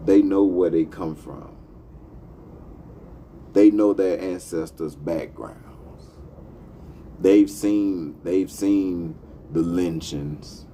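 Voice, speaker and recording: A man's voice: low-pitched, drawn-out words, pauses often, warm tone, a little hiss or hum. A man hosting a talk show, delivering a profane, impassioned monologue. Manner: profane, heated, emphatic. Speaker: podcast host.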